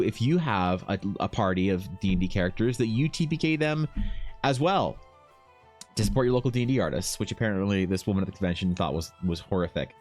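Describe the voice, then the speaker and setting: A man chatting on a live stream, telling a story with lots of swearing, joking and false starts. His voice sits at an ordinary middle pitch. Soft music plays underneath him. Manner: rambling, profane, jokey storytelling with many restarts. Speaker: streamer and fantasy artist. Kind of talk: casual livestream chat. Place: home streaming setup.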